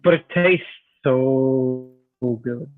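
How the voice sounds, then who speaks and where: A man's voice: medium pitch, extremely slow, dry recording, faint music behind. A man hosting a livestream, chatting playfully and tripping over his words as he talks. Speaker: livestream host. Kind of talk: casual chat. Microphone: online call. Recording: tinny phone-like line.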